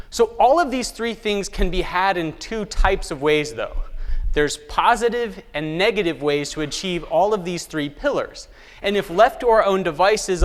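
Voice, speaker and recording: A man delivers a keynote in a large conference hall, and his slightly high voice rings with a long reverb. He keeps it lively, acting out the people in his stories and calling on the audience with questions. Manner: lively storytelling, acts out quoted people, asks the audience questions. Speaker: keynote speaker.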